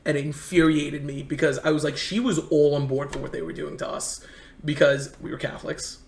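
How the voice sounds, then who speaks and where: A man's voice: a little high, little pitch movement, brisk, vocal fry. A man from the United States telling rambling, earnest travel stories in a casual chat. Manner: earnest, rambling anecdotes with many restarts. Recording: echoey room.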